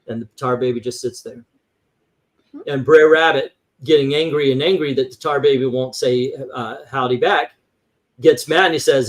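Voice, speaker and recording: A man's voice: medium pitch, fairly even intonation, brisk. A man talking in a casual livestream chat, ranting animatedly and acting out voices as he tells a story. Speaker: livestream co-host.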